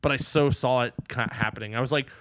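A man chatting casually, recapping a movie in an excited, rambling way and acting out the characters' lines. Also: mid-range voice, fast. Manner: excited, rambling, acts out quotes.

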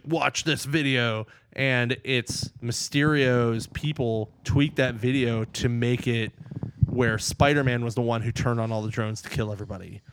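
A man chatting casually, recapping a movie in an excited, rambling way and acting out the characters' lines. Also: mid-range voice, clear, resonant tone, no echo. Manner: excited, rambling, acts out quotes.

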